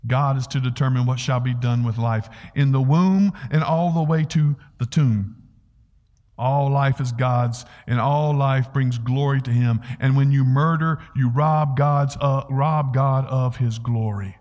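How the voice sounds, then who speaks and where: A man preaching a sermon as pastor, earnestly stressing key phrases and slowing down on them. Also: a little mellow. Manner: earnest preaching, rises in pitch for emphasis, slows on key phrases. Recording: long hall reverb.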